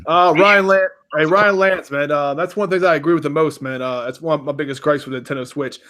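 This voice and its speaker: A man runs a loose gaming podcast, talking in a slightly higher register. He rambles through his points and stops to read questions from the live chat. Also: fairly even intonation, fairly quick, sharp tone. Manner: rambling, reads viewer chat questions aloud. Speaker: podcast host.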